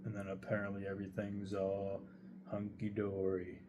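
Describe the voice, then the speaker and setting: A man's voice: lowish voice, monotone, normal speed, highs cut off, background noise. A young man casually telling a true story, rambling and swearing heavily as he goes. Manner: profane, rambling, heavy swearing.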